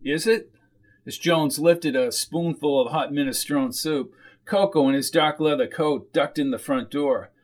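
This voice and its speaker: Male audiobook narrator, steady, fairly high voice. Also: unhurried.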